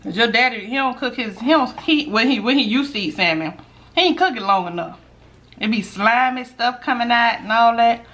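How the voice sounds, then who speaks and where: A middle-aged woman hosting a mukbang at home, chatting casually with viewers while eating and sometimes dropping to a hushed voice. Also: fairly high pitch, expressive, brisk. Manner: chatty, talks while chewing, drops to a hushed voice for gossip. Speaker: mukbang host.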